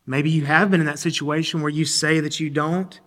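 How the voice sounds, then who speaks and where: A man preaching a sermon as a pastor. He speaks earnestly, often repeats or restarts his words, and clears his throat from time to time. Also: a little high, steady tone, a little fast, a bit bright, big-room sound.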